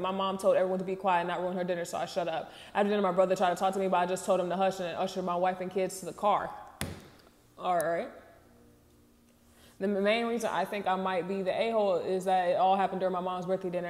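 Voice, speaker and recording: A woman's voice: on the low side, in a large hall. A woman hosting a casual show, reading online posts aloud and reacting with candid, slangy asides and laughs.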